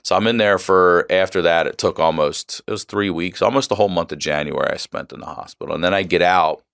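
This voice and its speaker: A man's voice: low-pitched, quick pace, creaky, a bit bright, clear, resonant tone, dry recording, clean studio sound. A middle-aged man on a podcast, casually telling a profane story and acting out the people in it. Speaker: podcast guest.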